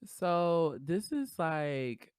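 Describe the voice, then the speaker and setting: A woman hosting a podcast solo, talking in a casual, animated, slangy way and laughing often. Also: deep voice, very slow, smooth, no echo, studio quality. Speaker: podcast host.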